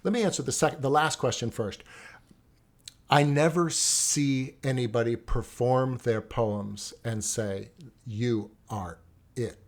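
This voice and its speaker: Animated man telling teaching stories. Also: medium pitch, unhurried. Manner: animated, repeats words, frequent restarts. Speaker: poetry teacher. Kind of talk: storytelling in conversation.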